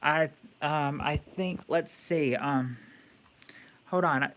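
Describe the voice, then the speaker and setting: A man's voice: on the high side, slow, fairly bright tone. A man hosting a casual live-stream quiz game, thinking aloud with many fillers and restarts.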